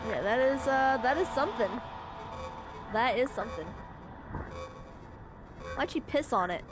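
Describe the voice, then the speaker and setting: A woman streams a game live with casual, joking commentary, sometimes stumbling over words. Her voice is a bit high, and music plays clearly behind her. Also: expressive, unhurried.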